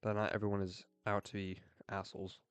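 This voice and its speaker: A man's voice: lowish voice, monotone, brisk, smooth, no room sound. A young man streaming a game and talking in an earnest, rambling way, full of fillers. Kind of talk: casual rambling chat while gaming.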